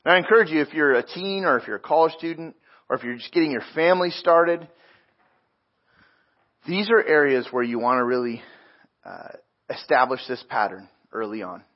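A man's voice: mid-range voice, animated, moderate pace, long pauses, highs cut off. A man preaching a sermon as a pastor, earnest and conversational, often repeating his words as he explains.

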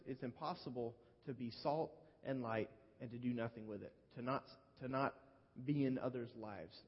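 A man preaching a sermon in a relaxed, conversational way, often restarting his sentences. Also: medium pitch, slightly rough. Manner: conversational, with frequent restarts and fillers. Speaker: pastor. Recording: dull lo-fi recording in a reverberant hall.

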